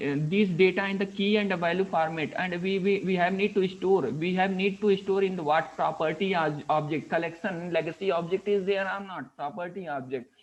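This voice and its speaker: Indian guy teaching coding live, highish voice, keeps going "what is that? right?", kinda muffled lo-fi audio. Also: normal speed. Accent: Indian English. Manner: repeats "what is that?" and "right?" while explaining step by step. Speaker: programming instructor. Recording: dull lo-fi screen recording.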